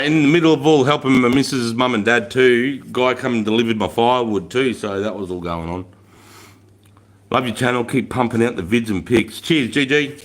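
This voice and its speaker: A middle-aged Australian man hosting a casual livestream, talking bluntly with plenty of swearing and slang. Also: medium pitch. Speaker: livestream host.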